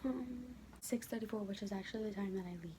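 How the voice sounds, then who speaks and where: A teenage girl filming a get-ready-with-me vlog, talking in a rushed, chatty way and often half-whispering. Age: teens. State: out of breath. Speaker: vlogger. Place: home, early morning. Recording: low audio with loud background noise.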